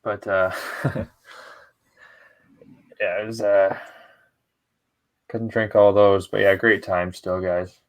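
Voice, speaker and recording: Man from Canada, podcast host, fairly low voice, laid-back and profane, laughs a lot. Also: little pitch movement, takes it slowly, long pauses. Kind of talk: casual chat.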